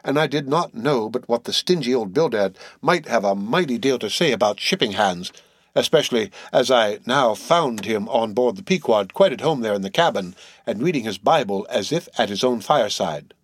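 A male narrator reading a classic novel aloud, measured and gently wry. His voice sits at a middling pitch, recorded close and dry with no room sound. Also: expressive, husky, no room sound. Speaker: audiobook narrator. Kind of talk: literary audiobook narration.

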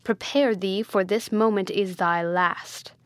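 A woman reading the part of a stern, proud male prince, delivering his lines with forceful declamation. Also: mid-range voice, fairly even intonation, takes it slowly, dry recording, close to an everyday voice.

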